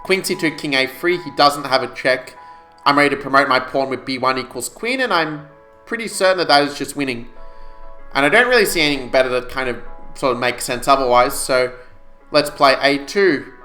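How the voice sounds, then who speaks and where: A man streaming chess puzzles live, calculating moves out loud and explaining them to his viewers in a casual way. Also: mid-range voice, a little fast, faint music behind.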